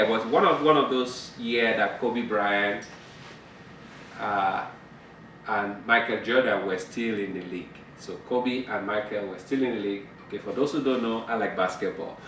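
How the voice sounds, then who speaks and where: A middle-aged marriage counselor with a lowish, sharp-toned voice teaches a couples group about communication, keeping it conversational as he laughs and acts out dialogue. He's recorded from a distance in a roomy fellowship meeting room, with slight background noise.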